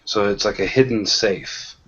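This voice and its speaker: A man narrating a tabletop role-playing game as game master, slow and hesitant, with many pauses and restarts. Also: lowish voice, a bit bright, breathy edge. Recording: dull lo-fi sound.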